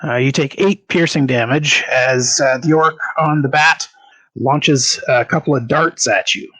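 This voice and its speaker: A man's voice: medium pitch, unhurried, fairly bright tone. A man running a tabletop game as game master, narrating with many filler sounds.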